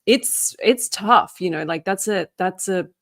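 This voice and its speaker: Woman host, slow talker, laid back and laughing along. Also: mid-range voice. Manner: relaxed, laughing agreement. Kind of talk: casual chat.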